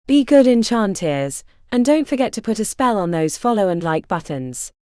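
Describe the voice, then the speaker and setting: A woman's voice: medium pitch, sing-song, moderate pace, dark tone, dry recording, studio quality, natural voice. Woman doing Ruby, a flirty glamorous streamer.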